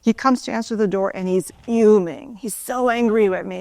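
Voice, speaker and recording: Once a yoga and Pilates teacher, this conference speaker shares stories casually, frequently ending her lines with "right?" She talks at a normal pace in a mid-range, slightly mellow voice with a creaky texture, and the recording is dry.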